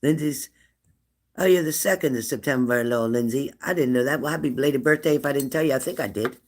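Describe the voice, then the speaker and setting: Chatting quickly in a mid-range voice, a middle-aged livestream host goes through viewer comments in a casual stream. He likes to tease the audience and tends to repeat his questions.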